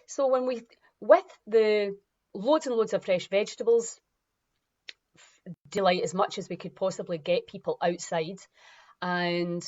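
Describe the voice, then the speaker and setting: A woman's voice: medium pitch, measured pace, dark tone, lo-fi sound. A woman, founder of a wellness movement, talking emphatically and animatedly, sometimes acting out other people's voices. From Scotland. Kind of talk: impassioned motivational talk.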